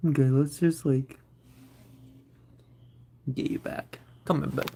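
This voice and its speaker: A woman streaming casually from home, cooing and calling out excitedly to her cat. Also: extremely low pitch, takes it slowly, gravelly, pauses often, husky. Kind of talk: casual live-stream chat.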